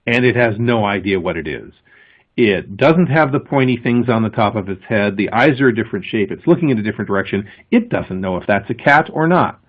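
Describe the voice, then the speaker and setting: A man presents at a conference, his pitch rising and falling in a lively way as he explains step by step. His voice is a touch husky. The recording is thin and lo-fi, much like a phone line. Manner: explanatory, emphatic, with pauses before key words. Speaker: conference speaker.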